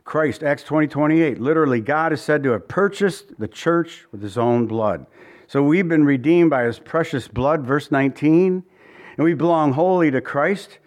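A man's voice: fairly high pitch, normal speed. A man preaching a sermon as pastor, earnest and conversational, pleading at times with his listeners. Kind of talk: expository sermon.

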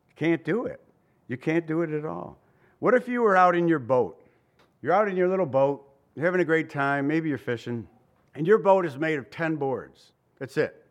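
Guy preaching a laid-back sermon, kinda high voice, keeps asking the crowd questions. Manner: conversational preaching with rhetorical questions and chuckles. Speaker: pastor.

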